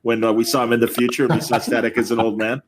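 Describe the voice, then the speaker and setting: A man hosting a chat on a video call. He asks his questions haltingly, with many fillers along the way. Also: medium pitch, level tone, slight background noise. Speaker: host. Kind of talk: interview questions.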